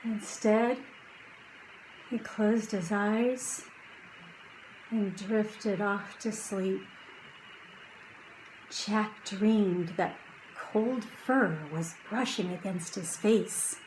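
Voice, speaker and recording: A woman reading a children's chapter book aloud, slow and hushed at quiet moments and lifting her voice for drama. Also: medium pitch, slight background noise, poor audio. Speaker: audiobook reader.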